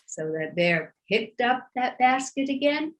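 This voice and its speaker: Woman storyteller for kids: high, unhurried, animated and inviting. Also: noisy background. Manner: animated, sing-song, addresses listeners. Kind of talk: storytelling for children.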